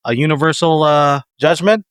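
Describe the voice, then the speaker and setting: A man's voice: a little high, normal speed, clean tone, no echo. A man co-hosting a podcast, chatting casually and giving strong opinions, sometimes restarting his sentences. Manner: animated, opinionated, trails off with restarts. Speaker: podcast co-host. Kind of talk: casual chat.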